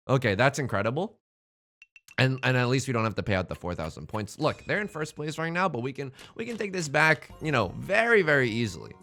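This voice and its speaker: Man, let's play host, casual gameplay commentary, joking rambling banter, animated pitch. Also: fast, faint music behind.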